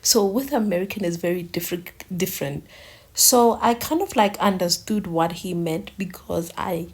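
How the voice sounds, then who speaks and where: Low, gravelly woman commentating. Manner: soft-spoken, halting, with many fillers. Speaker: host. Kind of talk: reaction commentary.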